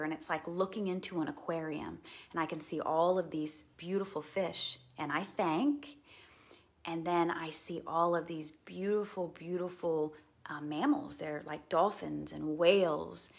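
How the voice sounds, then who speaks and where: A woman talks to her live viewers with a husky, breathy voice pitched a little low. She gushes and repeats herself, then turns slow and soft when she recounts a meditation. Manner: gushing and heartfelt, repeats words. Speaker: live video host sharing personal experiences. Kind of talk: casual live-stream monologue.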